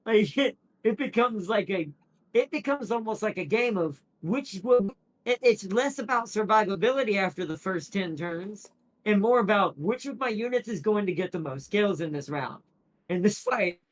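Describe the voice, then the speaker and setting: A man's voice: sits high, lively intonation, normal speed, low-quality recording. A man streaming a strategy game, rambling through casual commentary with frequent laughs and restarted sentences. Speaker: gaming streamer.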